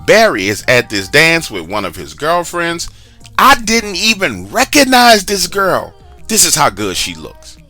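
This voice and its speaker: Animated, bright-voiced male storyteller. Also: fairly high pitch, unhurried, soft background music. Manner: animated, talks straight to the listener with slang asides. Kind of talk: casual first-person storytelling.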